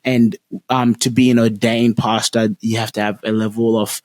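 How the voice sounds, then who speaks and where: A man's voice: on the low side, flat delivery, normal speed, dry recording. A young man, a podcast guest telling stories in a loose, rambling way, full of restarts and casual slang. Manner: rambling, many fillers and restarts, says "bro" and "like". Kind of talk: casual storytelling interview.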